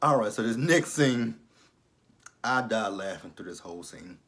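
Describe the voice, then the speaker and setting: A young man recapping a TV drama episode in a casual, profane, animated way, acting out the characters' lines and laughing often. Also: on the low side, moderate pace. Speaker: TV episode reviewer.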